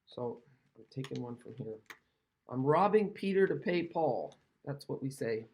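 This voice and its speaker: A woman's voice: extremely low pitch, lively intonation, a little slow, darkish tone, slightly rough. A woman from Canada chatting casually while demonstrating card-making, rambling and self-deprecating, recovering from an illness. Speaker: craft demonstrator.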